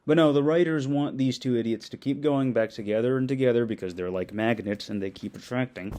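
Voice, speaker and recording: A man delivering an exasperated, mocking rant with a lot of swearing. His voice is dark and mellow, and his pitch sits in a plain middle range. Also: fairly quick, slight background noise. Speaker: video commentator. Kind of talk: sarcastic ranting commentary.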